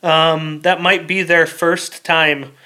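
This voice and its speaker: A man speaks as a veteran guest in a relaxed interview, his voice bright, smooth and slightly high. He talks plainly, pausing on fillers and repeating words as he works through his thoughts. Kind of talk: casual interview conversation.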